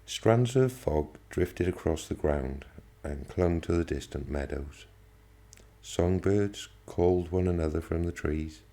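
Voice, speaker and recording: A man reading a first-person novel aloud as an audiobook, in a steady, measured manner. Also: deep voice. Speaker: audiobook reader.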